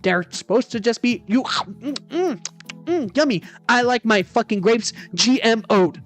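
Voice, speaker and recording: A woman's voice: fairly high pitch, moderate pace, soft background music. A woman streamer telling a story in a casual chat stream from a hotel room, exasperated and dramatic, swearing freely.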